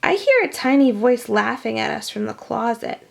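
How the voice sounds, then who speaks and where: A woman's voice: fairly high pitch, sing-song, normal speed, creaky, exaggerated voice. A woman voicing a polite, sensible young schoolgirl in a children's storybook. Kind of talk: storybook read-aloud.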